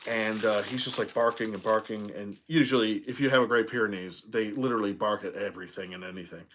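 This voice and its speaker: A man's voice: lowish voice, fairly even intonation, fairly bright tone, slight background noise. A man chatting casually while unboxing toys at home, rambling through stories and laughing often. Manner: rambling storyteller, laughs often, drawn-out pauses. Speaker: toy collector reviewer. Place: home room.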